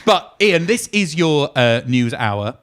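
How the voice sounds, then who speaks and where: A man's voice: fairly high pitch, very animated, slow pace, fairly bright tone. Guy hosting a chat podcast, dry jokey manner. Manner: wry, dry jokes. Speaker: podcast host. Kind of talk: casual chat.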